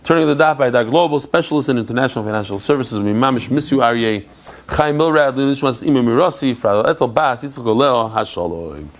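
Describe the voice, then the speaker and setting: A man teaching a live Talmud class, animated and chatty, joking with his guests. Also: medium pitch, fast talker.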